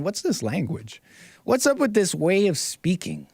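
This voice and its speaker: A man's voice: sits high, wildly swooping pitch, a little slow, creaky, a little mellow, slightly rough, no room sound. Mocking, rambling male commentary host. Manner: mocking, rambling, repeats himself, frequent chuckles. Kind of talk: casual commentary.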